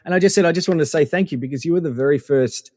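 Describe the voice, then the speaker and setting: A middle-aged man from Australia, a podcast guest telling animated anecdotes with lots of fillers and restarts. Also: a little high, racing, no room sound, clean studio sound, in a large hall. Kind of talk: casual storytelling interview.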